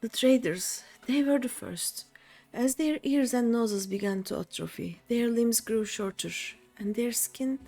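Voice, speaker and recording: A woman voicing an ancient male scholar who was cursed into a monster, reading the game dialogue aloud slowly and solemnly. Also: on the high side, dark tone, soft background music, voice pushed up. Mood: mournful.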